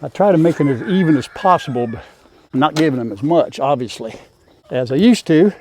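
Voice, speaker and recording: A man's voice: fairly high pitch, expressive, brisk, darkish tone. An older man, chatting casually to viewers and his animals while doing farm chores outdoors. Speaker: farm vlogger.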